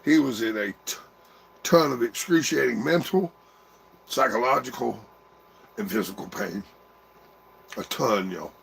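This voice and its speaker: An older man speaks in a gravelly voice with plenty of vocal fry. His talk is halting and rambling, broken by pauses, as he shares his grief casually with viewers. A faint hiss sits under his voice. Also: medium pitch, fairly bright tone. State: grieving. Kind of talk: casual grieving monologue to viewers.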